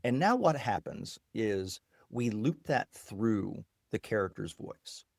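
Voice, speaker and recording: A man, a technology guest, explaining and demonstrating software with enthusiasm in a casual interview. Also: fairly low pitch, animated, slow pace, gravelly, no echo, clean studio sound. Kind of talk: casual interview with screen demo.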